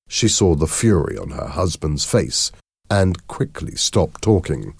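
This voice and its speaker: A man narrating a storybook in a slow, expressive way. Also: sits low, vocal fry, slightly rough, no echo, clean studio sound. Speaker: audiobook narrator.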